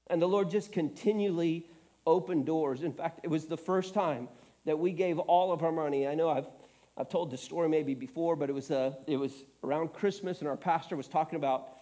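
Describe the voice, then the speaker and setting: A man's voice: a little high, brisk, dark tone. A middle-aged man preaching a sermon, telling stories earnestly with self-deprecating humor, choked up and tearful. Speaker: pastor.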